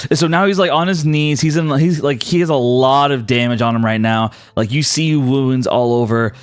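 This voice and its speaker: A man narrating as game master in a tabletop game, relaxed and full of fillers. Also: mid-range voice, normal speed, clean tone, dry recording, studio quality.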